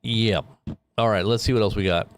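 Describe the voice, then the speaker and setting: A man hosting a casual livestream, reading news headlines and thinking out loud in a rambling way. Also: on the low side, normal speed, no echo.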